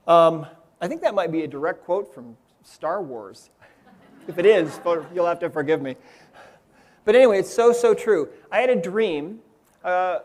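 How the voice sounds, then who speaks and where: A man's voice: sits high, a little mellow. A man giving an inspirational seminar talk, telling a story earnestly and often checking in with the audience. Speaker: seminar speaker. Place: seminar room with live audience.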